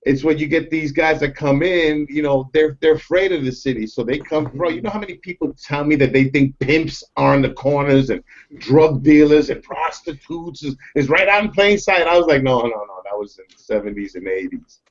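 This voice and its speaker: A man's voice: on the high side, moderate pace. A man from New York chatting casually on a group call, loose and repetitive, tossing "bro" into most sentences. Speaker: collector on a group video chat. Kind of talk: casual chat. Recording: dull lo-fi web call audio.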